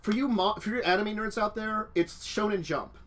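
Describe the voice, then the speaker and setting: A man's voice: high-pitched, moderate pace, fairly bright tone, a little hiss or hum. A man hosting a casual talk show about tabletop games, rambling through digressions. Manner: rambling, digressive, laughs at own jokes. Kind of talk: casual chat. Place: indoors near a street.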